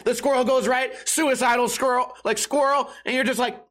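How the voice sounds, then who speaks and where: A man's voice: very high-pitched, fairly even intonation, fast talker, hardly any pauses, a bit bright. A man hosting a podcast, telling a story casually, swearing and laughing often. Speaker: podcast host.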